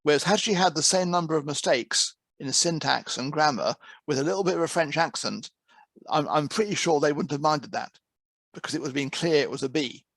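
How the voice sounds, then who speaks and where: A man's voice: a little high, a little fast, gravelly, a bit bright, no echo. A man who heads an interpreting course, giving a discursive online presentation to a practice group, often restarting and repeating words. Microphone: video call.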